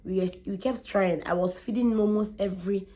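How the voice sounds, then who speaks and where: A young woman, telling a candid personal story in an animated way and often repeating words for emphasis. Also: medium pitch, fairly quick. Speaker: vlogger.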